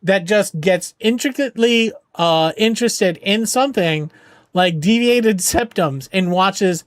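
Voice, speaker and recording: Male game streamer, high-pitched, dry close mic, loose joking banter with chat. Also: unhurried, dry recording. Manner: joking, rambling, reassuring. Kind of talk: casual chat with viewers.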